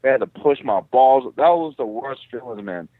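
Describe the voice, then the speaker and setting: Profane fighter on a tinny phone line. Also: male voice, medium pitch, normal speed, no echo. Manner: profane, animated storytelling. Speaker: guest fighter. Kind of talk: casual interview.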